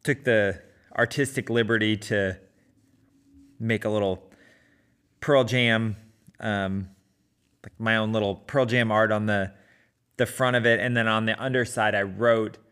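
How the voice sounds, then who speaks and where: A man's voice: fairly low pitch, steady tone, measured pace, long pauses, a bit bright, smooth. A middle-aged man casually telling a personal running story, talking with many fillers and restarts. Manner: conversational with frequent fillers and restarts.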